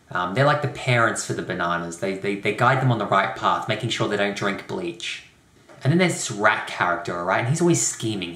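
A young man hosting a comedic rant video, talking with sarcastic, deadpan asides. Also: on the low side. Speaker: YouTube host. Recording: roomy echo.

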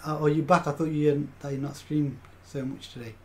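A man's voice: on the high side, fairly even intonation, fast, heavy background noise. A young man commentating his own football video game match live, swearing often and talking to his chat as "lads". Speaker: game streamer.

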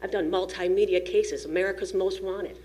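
A woman's voice: mid-range voice, steady tone, moderate pace, mellow. A woman giving an emotional, pleading public comment at a school district meeting, nervous and shaking as she speaks into a podium microphone. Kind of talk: impassioned public comment speech.

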